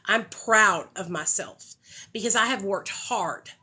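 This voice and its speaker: A woman's voice: mid-range voice, slow, bright, forceful tone, breathy edge. A young woman hosting a phone livestream, talking in a heartfelt, candid way and swearing freely. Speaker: livestream host. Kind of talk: casual livestream talk.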